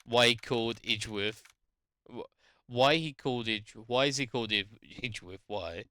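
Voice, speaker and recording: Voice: mid-range voice, moderate pace, pushed and bright. A young adult streamer with a New Zealand accent, chatting with a giggly, rambling manner while reading game text aloud. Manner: giggly, rambling and self-mocking.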